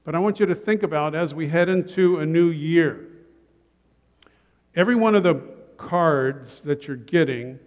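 A male pastor giving a sermon to his congregation, relaxed and joking in asides. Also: fairly high pitch, normal speed, in a large hall, highs cut off. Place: church sanctuary.

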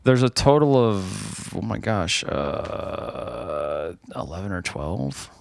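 A man co-hosting a podcast, chatting casually about a movie in an animated way, swearing and laughing often. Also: sits low, takes it slowly, vocal fry, no room sound, clean studio sound. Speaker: podcast co-host. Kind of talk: casual movie-review chat.

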